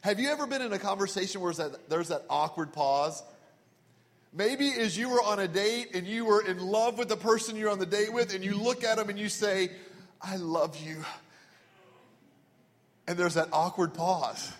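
A man preaching a sermon with a fairly high voice, telling stories and dropping to a hushed tone when he quotes someone. His voice rings with the long reverb of a large church hall. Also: brisk. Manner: storytelling, drops to a hushed voice for quoted words. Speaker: pastor.

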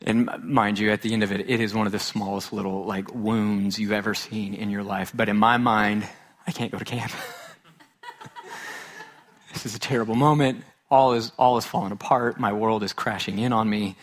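A man preaching a sermon, telling a funny childhood story with self-mocking humor, then dropping to a hushed, earnest tone. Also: lowish voice, steady tone, normal speed. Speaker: pastor.

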